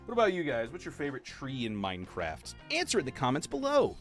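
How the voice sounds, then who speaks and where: A man chatting casually while live-streaming a game, talking to viewers and laughing softly. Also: mid-range voice, fast talker, faint music behind. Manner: chatty, animated, soft laughs. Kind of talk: casual livestream gameplay chat.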